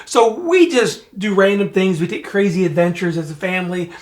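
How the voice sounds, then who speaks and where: A middle-aged man from Michigan, co-hosting a podcast, telling a family story in a lively, casual way. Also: high voice, moderate pace. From Michigan, USA. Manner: animated storyteller who speeds up and gets loud when retelling scenes. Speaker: podcast co-host.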